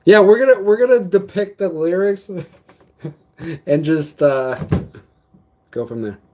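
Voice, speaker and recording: A man's voice: a little high, expressive, slow, darkish tone. A young man in casual reaction commentary, talking loosely in slang and laughing often as he reviews a song. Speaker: music reviewer.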